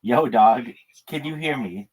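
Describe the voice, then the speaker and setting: A man hosting a casual livestream who greets viewers with loud, hyped, slangy banter. He talks at an unhurried pace, and his voice sits at an ordinary middle pitch. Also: husky, rough recording. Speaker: livestream host.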